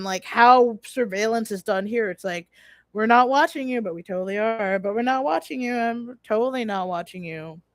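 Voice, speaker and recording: A woman's voice: mid-range voice, no echo. A young woman hosting a casual livestream, talking in a rambling, blunt way, full of fillers and restarts, with casual swearing. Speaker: livestream host.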